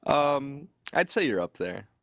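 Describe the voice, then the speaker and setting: A man chatting as a panel guest in a relaxed, easygoing, friendly way. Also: medium pitch, a little slow, creaky, dry recording, studio quality. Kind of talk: casual chat.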